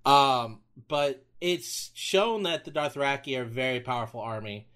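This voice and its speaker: A man's voice: mid-range voice, a little slow, fairly bright tone. A young man co-hosting a casual podcast chat, blunt and giggly, cutting in often. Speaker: podcast co-host.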